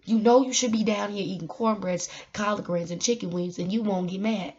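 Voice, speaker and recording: A woman's voice: medium pitch, a little fast, a little mellow. A woman in her twenties, joking through a mock prayer in a preacher's cadence and then giving a casual pep talk with repeated calls to the Lord. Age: 20s. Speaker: vlogger. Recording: dull lo-fi recording.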